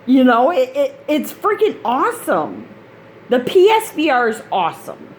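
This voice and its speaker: A woman's voice: sits high, wildly swooping pitch, measured pace, slight background noise. A woman, a mother of grown kids, chatting in a rambling, casual vlog style about gaming gear, laughing often. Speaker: gaming channel host.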